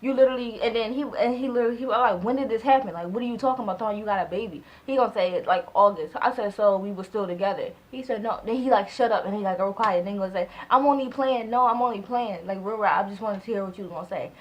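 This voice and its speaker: Animated young woman telling a storytime. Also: mid-range voice, fast, few pauses, dull audio. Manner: animated, acts out both sides of conversations; heavy use of "like" as filler. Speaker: vlogger. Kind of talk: casual storytime.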